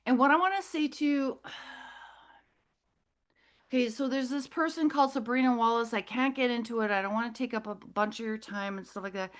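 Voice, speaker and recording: A woman's voice: fairly high pitch, normal speed. A middle-aged woman telling a rambling personal story as a guest speaker, losing her thread and apologizing as she goes. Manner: scattered, loses her thread, apologetic asides.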